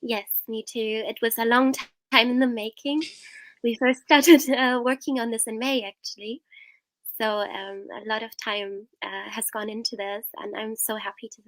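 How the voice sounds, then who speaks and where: A woman's voice: fairly high pitch, fairly even intonation, moderate pace, a bit bright, dry recording. A woman hosting a live online event and interviewing a guest over a video call, friendly and chatty, with many fillers. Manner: friendly, with fillers and little laughs. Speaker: interviewer and host.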